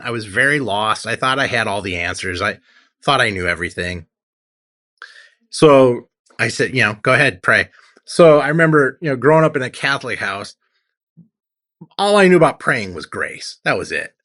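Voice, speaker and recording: A tattoo artist in his forties gives a heartfelt personal testimony in an interview, acting out things he once said. His medium-pitched voice moves at a moderate pace with lively intonation and a pushed, bright quality, and his storytelling is earnest.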